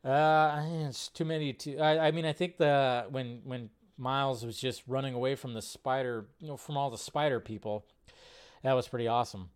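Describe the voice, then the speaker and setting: A man's voice: medium pitch, steady tone, moderate pace, clear, resonant tone. A man hosting a live movie news stream, talking casually and rambling as he reads out viewer comments.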